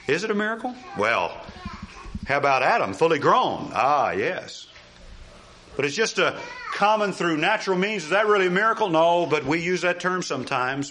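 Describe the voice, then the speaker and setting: A man preaching a sermon, animated and emphatic, asking rhetorical questions and repeating key phrases. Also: fairly high pitch, slight background noise. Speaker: pastor.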